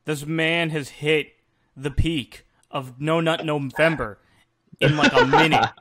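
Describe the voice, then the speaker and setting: A man's voice: a little high, fairly even intonation, takes it slowly, crowd noise. A young man hosting a casual movie reaction, swearing and joking with a friend. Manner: profane, joking, laughs often. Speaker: host watching a movie with a friend.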